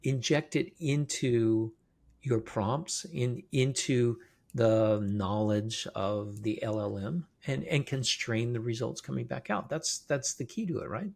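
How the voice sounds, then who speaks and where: A man's voice: mid-range voice, slow, vocal fry, a little mellow. A man hosting a podcast interview, conversational and often checking in with the guest. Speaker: podcast host. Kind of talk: casual interview chat.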